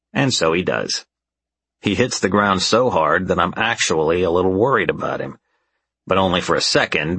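Male audiobook narrator, very low, husky, gritty and wry, first person, dry close recording. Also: fairly bright tone, no room sound.

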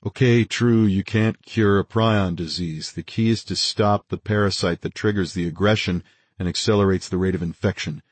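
A man's voice: low-pitched, steady tone, normal speed, slightly rough, no room sound. A man voicing an awkward, nervous male scientist who talks in an offhand way. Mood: explaining.

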